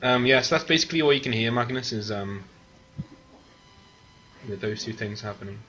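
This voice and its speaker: A man running an online tabletop game as game master, narrating haltingly with many fillers and the odd curse. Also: mid-range voice, pushed and bright, a little hiss or hum. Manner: halting, full of fillers and swearing.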